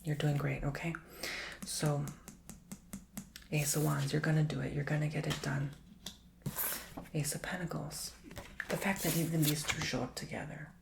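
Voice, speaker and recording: A man with a gravelly, creaky edge to his voice, murmuring and whispering through an ASMR tarot reading. He stays fairly level in tone, speaking gently and encouragingly as he repeats soothing affirmations. A faint hiss sits under his voice. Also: fairly high pitch, little pitch movement, moderate pace, pauses often. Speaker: tarot reader.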